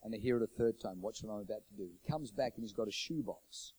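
A middle-aged male pastor delivers a sermon, moving between loud, urgent proclamations and quiet, intimate storytelling. His voice sits fairly low and is slightly rough, and he talks fast. The recording quality is rough.

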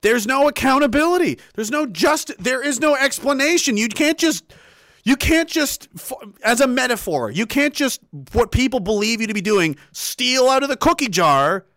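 A man's voice: very high-pitched, expressive, moderate pace, a bit bright, dry recording. A man ranting angrily on a livestream, sarcastic and indignant, swearing freely and answering his chat. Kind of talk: angry livestream rant.

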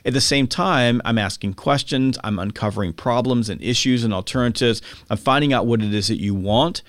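Man, podcast guest, emphatic, energetic, mid-pitched, dry close sound. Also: a little fast, no room sound. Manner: emphatic, energetic, acts out buyers and sellers in quotes. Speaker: podcast guest, sales author. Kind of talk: conversational explaining.

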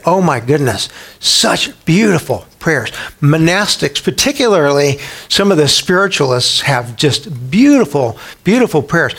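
A male pastor with a somewhat high voice delivers a casual, lively sermon. He acts out quotes and talks to the congregation like a friend. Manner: animated, conversational preaching with acted-out quotes.

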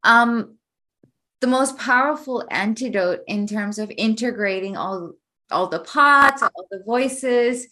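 A woman interviewing, summing up ideas in a measured, somewhat hesitant way. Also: on the high side, sharp tone. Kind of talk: interview conversation.

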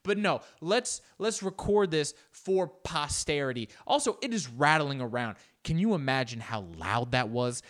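A man reacting to a news clip in casual commentary, joking and jumping into exaggerated voices. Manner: animated, joking, jumps into exaggerated high-pitched voices. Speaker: reaction video host.

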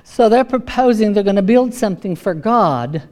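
A woman's voice: medium pitch, lively intonation, moderate pace, darkish tone. A woman preaching a sermon, emphatic and repeating her key lines.

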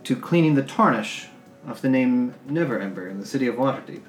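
A man's voice: mid-range voice, lively intonation, brisk, roomy sound, close to an everyday voice. A man voicing a haughty, commanding noblewoman in a tabletop game. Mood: stern. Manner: haughty, clipped orders. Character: stern commanding noblewoman, imperious.

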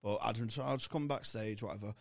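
A man co-hosting a podcast, talking in a halting, sweary casual chat with many restarts. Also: fairly low pitch, vocal fry.

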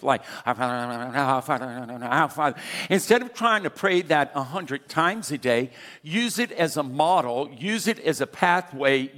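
A man in his sixties preaches with a somewhat high voice, pressing his congregation to join in. His words ring out with a long reverb from a large church sanctuary. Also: a bit bright. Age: 60s. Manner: emphatic, urging the congregation to respond. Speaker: pastor. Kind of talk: sermon.

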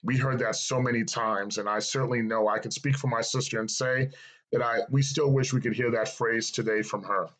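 A man's voice: mid-range voice, fairly even intonation, a little fast, a bit bright, rough recording. A middle-aged man giving an earnest, reflective personal testimony and repeating phrases for emphasis. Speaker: speaker sharing his life story.

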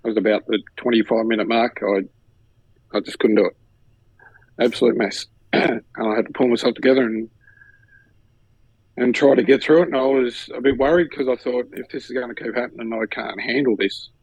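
A man's voice: medium pitch, brisk, long pauses, breathy edge, no echo, dull audio. An Australian man co-hosting a podcast, telling a personal story in casual chat and acting out what others said. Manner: animated storyteller, acts out others' lines. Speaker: podcast co-host.

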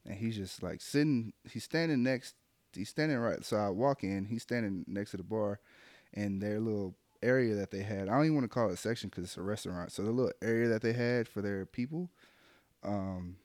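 A man with a lowish voice tells a story in relaxed, profane chat. He is animated and slips into the voices of the people he quotes. The sound is dry and close. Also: brisk, dry recording. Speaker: podcast co-host telling a story.

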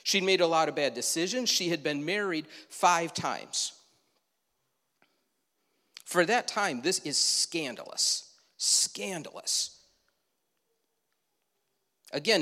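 A pastor speaks from the pulpit of a church sanctuary, his bright, forceful, slightly high voice filling a large hall at normal speed. He keeps the sermon conversational, posing questions to his audience and tossing in asides.

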